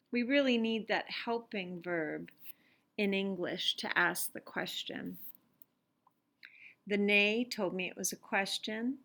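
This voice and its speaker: A woman's voice: mid-range voice, fairly bright tone. A woman teaching Latin, patiently walking through worksheet examples and sounding out each phrase. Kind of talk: explaining worksheet exercises.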